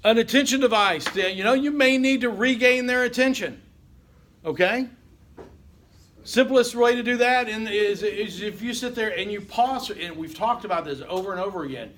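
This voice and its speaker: A man with a high-pitched, fairly bright voice teaches a college class at normal speed, with a little hiss or hum in the recording. His lecture is casual and conversational; he often checks in with "okay?" and acts out what listeners might be thinking.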